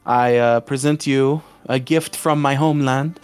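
A man voicing a pompous male vampire count posing as a foreign noble, with a put-on foreign accent and stiff formal speech full of hesitant pauses. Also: medium pitch, fairly even intonation, smooth, soft background music, natural voice. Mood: courtly.

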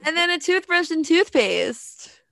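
A woman's voice: extremely high pitch, big pitch swings, measured pace, creaky, sharp tone, no echo, clean studio sound. A woman co-hosting a casual chat, chatty and laughing often. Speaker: podcast co-host.

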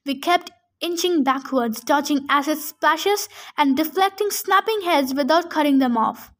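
A woman reading a novel chapter aloud for her podcast, eager and a little halting with restarts. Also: high voice, fairly bright tone.

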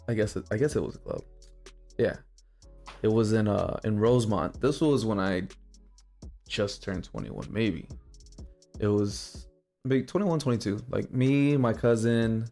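A man in his twenties co-hosting a live podcast, telling a story in a casual, profane, animated way and acting out the quotes. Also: on the low side. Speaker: podcast co-host. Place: live show venue.

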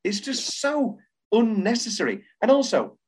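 A slightly high-voiced man runs a relaxed film chat. He talks with animated energy and trips over restarts as he rattles through favourite quotes. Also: unhurried, breathy edge. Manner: animated, quoting lines with lots of restarts. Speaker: podcast host.

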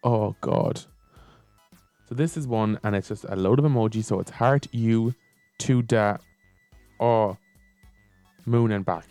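A man's voice: lowish voice, a little slow, pauses often, mellow, no echo, faint music behind. A young man in casual chat, reading funny text messages aloud and laughing at them. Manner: giggly, reads texts aloud with amused commentary. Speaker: co-host reading funny texts.

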